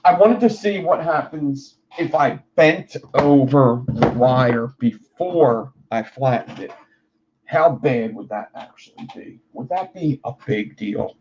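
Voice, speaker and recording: A woman's voice: rumbling low, animated, slow, darkish tone, husky, muffled recording. A woman on a live stream, muttering to herself and swearing casually while she works with wire. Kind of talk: live-stream crafting chat.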